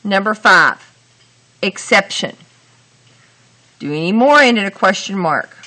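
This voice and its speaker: Slow, bright-voiced woman teacher. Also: medium pitch, expressive. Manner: slow, deliberate, talks through each step. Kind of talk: grammar lesson.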